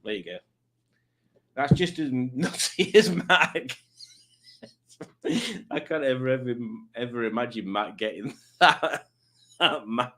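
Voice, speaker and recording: A man's voice: medium pitch, expressive, slow, long pauses, pushed and bright, a little hiss or hum. A man hosting a live stream, chatting casually and reading out viewer messages in silly voices. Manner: joking, reads chat messages aloud in silly voices. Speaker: livestream host.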